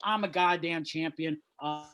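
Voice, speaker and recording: A stand-up comedian from the Chicago suburbs performs a set over video call from his childhood bedroom, using a laptop mic. His high, bright voice is crusty, shouty and resonant, and he speaks clearly at a moderate pace. He rants loudly and animatedly, then suddenly drops into mumbled asides.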